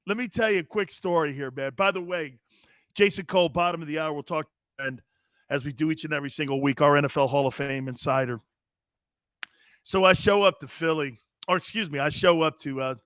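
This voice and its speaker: A man hosting a sports talk show, telling jokey stories in an animated, casual way. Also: fairly high pitch, no room sound, studio quality. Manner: animated, joking storyteller. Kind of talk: casual sports radio chat.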